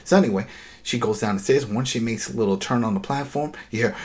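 A man hosting a casual episode recap, ranting in an animated, exasperated way, swearing and acting out bits of the scenes. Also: medium pitch. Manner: acts out character lines in quick impressions.

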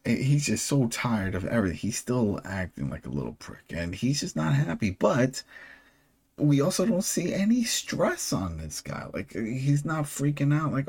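A man's voice: medium pitch, sing-song, moderate pace, gravelly, a little mellow, slightly rough. A man co-hosting a podcast, casually recapping a TV episode and acting out characters' lines as he retells scenes. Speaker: podcast co-host. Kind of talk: casual show recap chat.

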